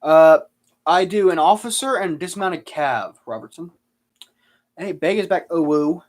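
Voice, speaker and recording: A man's voice: fairly high pitch, animated, unhurried. A man chatting casually on a live stream, answering viewer questions and telling rambling, sarcastic stories.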